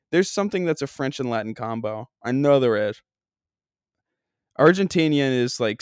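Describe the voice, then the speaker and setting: Man, podcast host, comic storytelling, rambling, self-deprecating, smooth clear voice, dry sound. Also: medium pitch, no room sound. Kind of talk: comedic storytelling. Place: New York.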